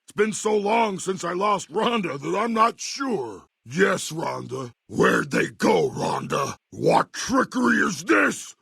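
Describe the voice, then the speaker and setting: A man plays a towering, self-crowned female mutant ruler from a video game, bellowing threats in a very high, piercing voice. The delivery is slow and gravelly, with a harsh husky rasp, recorded close and dry. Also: big pitch swings, fairly bright tone, dry recording, full character voice. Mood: menacing. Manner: bellowing, pompous, easily exasperated.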